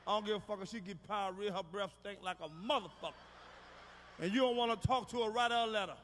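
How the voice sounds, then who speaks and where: High-voiced comic guy yelling and cussing through a stand-up bit, bright punchy tone, a bit of faint noise. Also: quick pace, in a large hall. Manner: loud, profane, ranting delivery. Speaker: stand-up comedian. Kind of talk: stand-up comedy routine. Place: live comedy stage.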